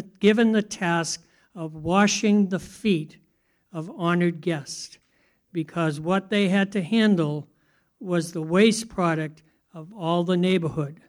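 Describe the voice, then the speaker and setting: Male preacher, high voice, conversational, asks the congregation questions. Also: a little mellow. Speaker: pastor. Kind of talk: sermon.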